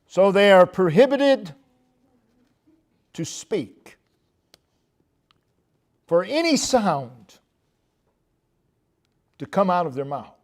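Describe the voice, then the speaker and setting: Slow, high-voiced emphatic male preacher. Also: big pitch swings, a little mellow. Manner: emphatic, slow and deliberate preaching with rising, pleading outbursts. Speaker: pastor. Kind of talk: sermon. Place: church.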